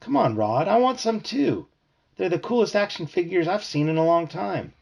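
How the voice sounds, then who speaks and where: A man reading aloud and voicing an excited, pushy schoolboy who begs for the toys. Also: high voice, normal speed, creaky, voice pushed up, full character voice. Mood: pleading. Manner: pleading, excited.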